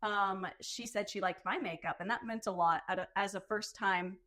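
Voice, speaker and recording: A woman's voice: medium pitch, moderate pace, a bit bright, a little hiss or hum. A woman guest on a podcast telling stories in a casual chat, laughing often and filling her talk with "like.". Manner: chatty, many "like" fillers, laughs often. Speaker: podcast guest, burlesque performer.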